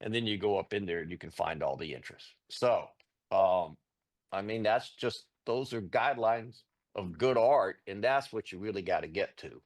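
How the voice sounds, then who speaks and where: A middle-aged man, a guest artist, telling stories in a casual interview, animated and rambling with many restarts. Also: lowish voice, normal speed.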